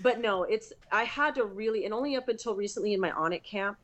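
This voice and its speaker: A woman's voice: medium pitch, fast, dull audio. A woman, a grappler and fighter, telling stories in a chatty, profane way as a guest in a casual interview. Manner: chatty, profane, animated storytelling.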